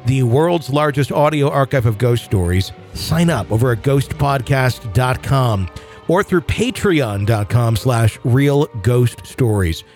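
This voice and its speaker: A man's voice: medium pitch, lively intonation, unhurried, a little mellow. Man, middle-aged, podcast host, casual chat, rambling storyteller, faint music.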